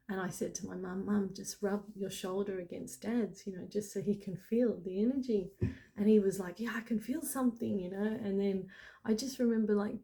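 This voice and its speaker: A woman's voice: medium pitch, warm tone. A middle-aged woman telling a personal story in a casual, chatty way, full of "like" and "you know". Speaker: spiritual channel host.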